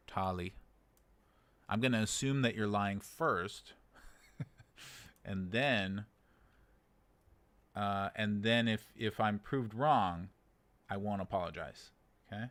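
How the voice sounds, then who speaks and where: A man's voice: lowish voice, takes it slowly, long pauses, a bit bright, no echo. An American man in his thirties living in China, hosting a casual livestream, reading viewer comments with dry, sarcastic humor and chuckles. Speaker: livestream host.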